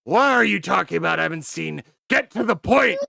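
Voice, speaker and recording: Gruff and impatient, this commander yells and swears as if a battle is raging around him, his voice strained high and loud. There is a gravelly edge to it, and the sound is dry and close. A man games-mastering puts him on. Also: animated, a little fast, dry recording, heavily acted. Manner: shouting, cursing, impatient. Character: gruff angry male military commander under fire. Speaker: game master voicing a character.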